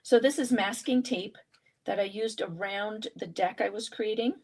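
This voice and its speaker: A woman's voice: mid-range voice, normal speed, a little mellow. A woman hosting a live art journaling session, chatting and thinking aloud as she works through a casual craft demonstration.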